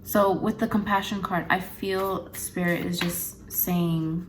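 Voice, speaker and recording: A woman leads a spiritual card reading at an unhurried, gentle pace, her voice sitting slightly low. She speaks haltingly, on the verge of tears, breaking off and starting over. A faint noise floor and the shuffle of cards sit behind her. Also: fairly even intonation, low-quality recording. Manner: halting, overcome with emotion, many restarts. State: close to tears. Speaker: intuitive card reader.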